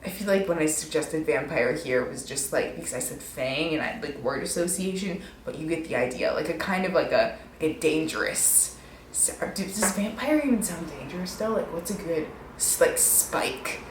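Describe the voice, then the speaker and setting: A woman's voice: low voice, animated, brisk, a little hiss or hum. Rambling young woman vlogger, echoey room. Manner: rambling, self-mocking, many "like"s. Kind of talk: casual storytelling.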